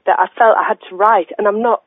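An earnest caller, played by a woman, halting and sincere. She comes through a tinny phone line with a dry sound. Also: mid-range voice, fairly even intonation, dry recording, natural voice. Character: earnest woman caller, eager amateur poet.

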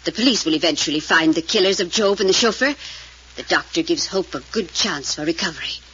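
A woman's voice: lowish voice, a little fast, pushed and bright, slightly rough, lo-fi sound, heavily acted. A woman playing a proud, stern old grandmother who dismissively shuts down any argument, in 1940s radio acting style.

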